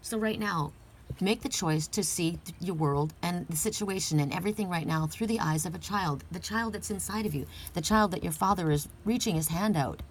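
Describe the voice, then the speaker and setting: A woman's voice: lowish voice, brisk, a little hiss or hum. A middle-aged woman giving an earnest, heartfelt oracle card reading, emphatic and casual.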